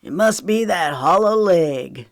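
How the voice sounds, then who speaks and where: A woman's voice: on the low side, animated, takes it slowly, creaky, dry recording, clean studio sound, full character voice. A woman narrator voicing a proud, easygoing older man on a ranch.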